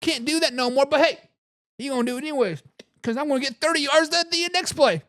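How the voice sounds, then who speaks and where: Very high-voiced hyped man hosting. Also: fast, a bit bright, no room sound, studio quality. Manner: hype, repeats catchphrases, says "baby"; reads and answers viewer comments. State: drinking beer. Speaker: sports talk host. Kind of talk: hyped live sports talk.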